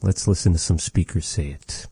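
A male language teacher talks in a deep, mellow voice, slowly and patiently explaining each word and repeating it. The sound is dry and close, with no room around it. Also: creaky, slightly rough, dry recording. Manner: slow, patient, repeats words after recordings. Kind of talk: language lesson.

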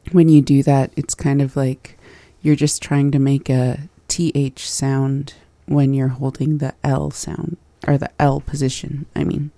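Flat, dark-voiced learner chatting. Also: medium pitch, a little slow, hardly any pauses, dry recording. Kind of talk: casual chat.

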